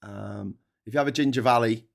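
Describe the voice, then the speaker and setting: A man's voice: medium pitch, fairly quick, vocal fry. A man hosting a solo livestream, chatting in a digressive, jokey way, full of restarts and trailing asides. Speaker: livestream host. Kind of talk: rambling solo livestream chat.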